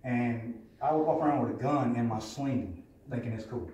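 A man's voice: mid-range voice, animated, moderate pace, hardly any pauses, mellow, lo-fi sound, slight background noise. A man giving a candid, profane personal testimony at a recovery meeting, in a plainspoken storytelling manner. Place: meeting room. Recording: echoey room from a distance.

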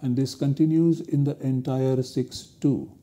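Male lecturer, very dark mellow tone, methodical and explanatory delivery. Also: medium pitch, steady tone, unhurried. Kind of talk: university lecture on grammar.

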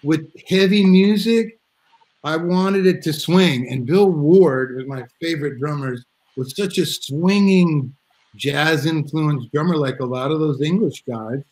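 A man's voice: a little high, a little slow, darkish tone, low-quality recording. A middle-aged man telling a story in a casual live video chat, rambling with restarts and acting out quotes. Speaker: drummer guest. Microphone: video call.

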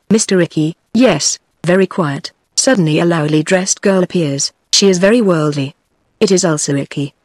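A text-to-speech woman's voice with a British English accent, reading a play script aloud in an even, synthetic manner. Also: on the low side, husky, no echo, studio quality. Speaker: audiobook reader.

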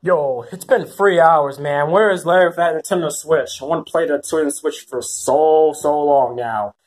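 A woman voicing an impatient male koopa with a lowered, pushy voice in a puppet comedy skit. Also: moderate pace, a little mellow, slightly rough. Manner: demanding, pushy.

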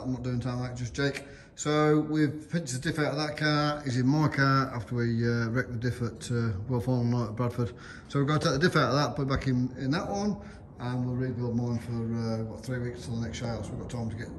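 A man's voice: medium pitch, a bit bright. A middle-aged man and racing driver chatting casually in a rambling vlog, full of restarts. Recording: noisy outdoor recording.

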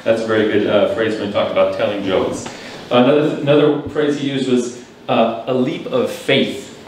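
A man's voice: mid-range voice, fairly even intonation, moderate pace, a little mellow, slight background noise. Patient man teaching in an echoey hall. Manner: patient and teacherly, explains phrases and leads the room in repeating words. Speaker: language evaluator at a speaking club. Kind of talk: live spoken feedback to club members. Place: large echoey meeting room. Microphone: distant room mic. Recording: very echoey room, distant mic.

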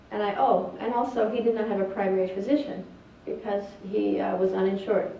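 A woman's voice: medium pitch, fairly even intonation, measured pace, vocal fry, a little hiss or hum. An older woman doctor, telling a family story in an earnest, plainspoken talk with hesitations. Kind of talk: presentation. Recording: distant echoey lo-fi hall recording.

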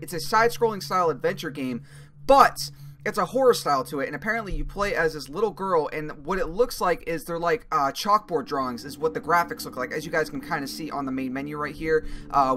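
A young man playing a horror game, talking through it in an excitable, jumpy way and swearing at scares. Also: on the high side, slight background noise. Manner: excitable, jumpy reactions, swearing, thinking aloud. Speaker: gaming YouTuber. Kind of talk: let's play commentary.

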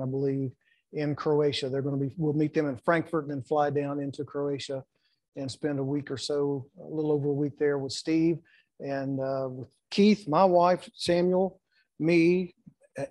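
A middle-aged pastor delivers a sermon in a church sanctuary, speaking emphatically, repeating words and acting out the quotes he cites. His voice is slightly high and a touch mellow, with no room sound.

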